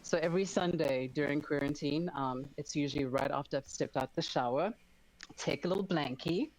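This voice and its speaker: A live stream guest with a voice on the high side chats casually and animatedly while showing how he does his hair, laughing as he tells stories. He talks briskly, and the recording is rough.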